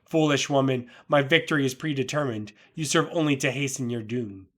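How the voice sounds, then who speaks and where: A man's voice: medium pitch, brisk, lightly acted. Cold male robot overlord, formal and menacing, read out by a man doing the comic's voices. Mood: commanding.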